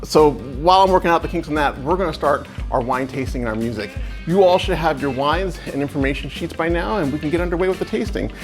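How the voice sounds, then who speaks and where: A man's voice: a little high, lively intonation, fast talker, music in the background. A man hosting a charity event, casual, chatty and a little scattered as he introduces the guest. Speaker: event host.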